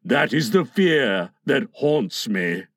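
A man voicing a menacing, brooding pirate captain in a low, theatrical voice for a storybook reading. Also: very animated, slow, dry recording, clean studio sound, full character voice. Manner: theatrical, booming when angry.

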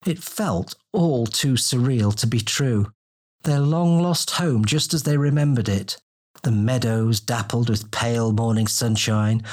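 A male narrator reads a fantasy audiobook with a steady, descriptive delivery. His voice is mid-pitched and even-toned throughout.

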